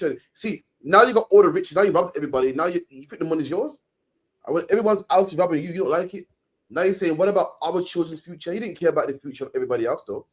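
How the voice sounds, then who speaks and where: An Englishman with a slightly high voice rattles through his points at speed. He talks emphatically and in long, ranting runs, as an interviewer keeping a casual discussion going. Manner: emphatic, ranting, repeats "man" at line ends.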